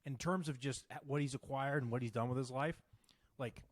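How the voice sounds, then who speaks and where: A man's voice: mid-range voice, steady tone, a little fast, dry recording. A young man co-hosting a podcast, trash-talking viewers with crude insults. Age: young adult. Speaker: podcast co-host. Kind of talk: casual podcast rant.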